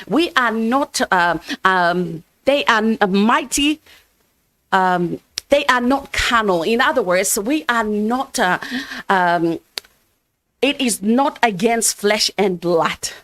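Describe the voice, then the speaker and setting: A woman's voice: medium pitch, lively intonation, slow pace, a bit bright, dry recording. A woman preaching a sermon at a church service, earnest and emphatic, often restarting her phrases. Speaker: church minister.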